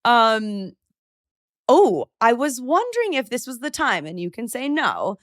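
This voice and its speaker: A woman's voice: fairly high pitch, very animated, a little slow, fairly bright tone, dry recording, clean studio sound. A woman co-hosting a casual podcast, playful and teasing, laughing a lot and joking with borrowed British slang. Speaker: podcast co-host.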